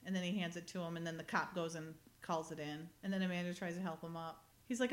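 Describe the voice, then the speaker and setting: A woman's voice: on the low side, fast talker, few pauses. Laughing woman retelling a TV episode. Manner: lively, laughing, acts out characters' lines. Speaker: podcast co-host. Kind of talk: casual chat recapping a TV episode.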